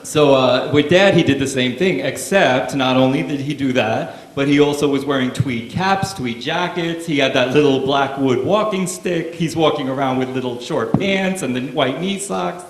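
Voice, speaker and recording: A man's voice: mid-range voice, normal speed, hardly any pauses, reverberant. A man doing stand-up, telling family stories in a wry, casual and profane way. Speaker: stand-up comedian. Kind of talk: stand-up comedy storytelling.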